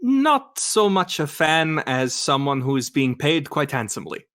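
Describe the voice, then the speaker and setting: A man voicing a polite, scholarly German Shepherd dog man with a rough attempt at a German accent, speaking haltingly. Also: a little high, very animated, fairly bright tone, no room sound, clean studio sound. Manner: polite, halting, full of fillers.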